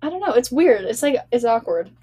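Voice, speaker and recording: A woman's voice: on the high side, very animated, brisk, dark tone, slightly rough. A young woman co-hosting a casual chat, giggly and reactive, with many fillers. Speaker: podcast co-host.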